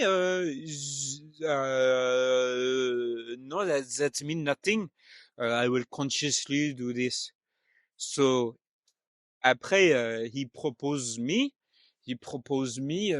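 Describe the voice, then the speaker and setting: A man voicing a middle-aged French father with a put-on French accent, speaking halting broken English full of fillers. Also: medium pitch, no room sound, clean studio sound, close to an everyday voice.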